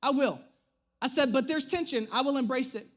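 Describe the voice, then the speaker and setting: A man in his thirties, a pastor, telling a humorous personal story in an animated, self-mocking way during a sermon. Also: very high-pitched, a little fast. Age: 30s. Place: church stage.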